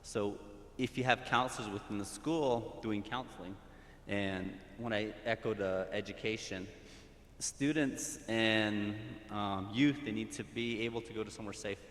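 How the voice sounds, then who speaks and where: A man with a lowish voice speaks earnestly from the floor of a community forum, circling back over his words as he makes his point. The sound is roomy and echoey, with a long hall reverb. A faint rumble sits underneath. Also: fairly even intonation, a little slow, fairly bright tone. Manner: earnest, repeats and restarts phrases. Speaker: school counseling official. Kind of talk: audience comment at a community forum. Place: large hall.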